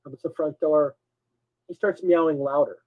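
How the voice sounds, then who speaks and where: A man co-hosting a live show, telling a story in a casual, animated way. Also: on the high side, normal speed, phone-quality sound. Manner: animated, swings between mutters and loud bursts. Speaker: co-host.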